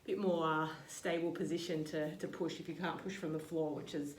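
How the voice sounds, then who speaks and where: A woman leading a yoga and strength workout, calmly cueing each move and breath. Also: low voice, moderate pace, distant mic, a little hiss or hum. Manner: calm step-by-step cueing with breath counts. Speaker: fitness and yoga instructor. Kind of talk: guided workout instruction. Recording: roomy sound, voice off-mic.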